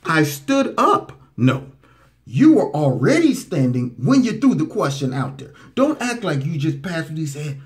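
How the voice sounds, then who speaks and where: A man hosts a political commentary show, answering clips with mockery. His voice sits a little high and swings widely, jumping up for sarcastic impressions. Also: moderate pace. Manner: animated, mocking, swoops into high voices for impressions.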